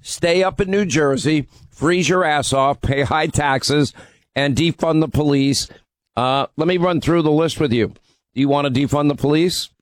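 A man's voice: on the high side, moderate pace, no echo. A man hosting a call-in radio show, needling and arguing with a caller. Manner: combative, needling. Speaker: radio talk show host.

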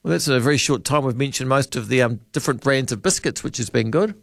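A man's voice: mid-range voice, fast, vocal fry, no echo, clean studio sound. Chatty New Zealand man hosting radio. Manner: chatty, relaxed, quizzing callers. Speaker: radio talk show host. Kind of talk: casual radio chat. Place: radio studio. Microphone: studio microphone.

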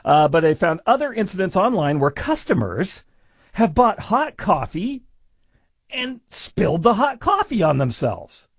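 A man giving sarcastic commentary on a news story, mocking and full of deadpan asides. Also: high-pitched, unhurried, breathy edge, no echo, clean studio sound.

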